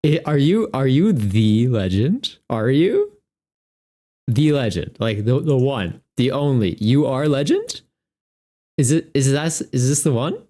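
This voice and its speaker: A man's voice: medium pitch, very animated, unhurried, mellow. A man chatting casually on a live stream as a tournament organizer, laughing often and joking with his viewers.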